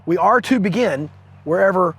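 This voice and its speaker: Husky high-voiced man talking to dads. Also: lively intonation, normal speed, fairly bright tone. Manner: earnest, chuckling, restarts words, quotes scripture. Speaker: host of a fathering video series. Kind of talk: casual devotional talk to camera. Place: outdoors on location.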